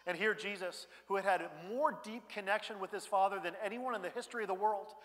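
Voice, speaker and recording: A male pastor preaching a sermon in a conversational way, dropping quiet and then rising loud. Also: sits high, fast. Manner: conversational preaching, swings between hushed and loud. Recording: church hall reverb.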